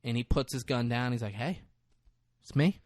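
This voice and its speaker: A man's voice: medium pitch, normal speed, dry recording, clean studio sound. A young man co-hosting a podcast, recapping a movie in casual chat, acting out lines with lots of swearing and laughter. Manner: animated storytelling, acts out lines, swears, laughs. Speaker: podcast co-host.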